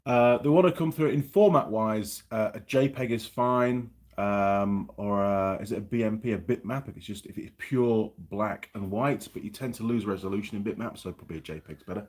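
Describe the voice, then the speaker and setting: With a fairly low, darkish voice, he talks at a moderate pace with few pauses. He's a New Zealand livestream host, casually rambling as he reads out comments from viewers and spins a story.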